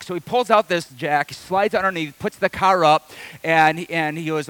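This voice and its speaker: Telling a funny story at his own expense, a Detroit-area pastor in middle age works his way up into a sermon. He talks briskly in a slightly high, fairly bright voice, and the recording is dry.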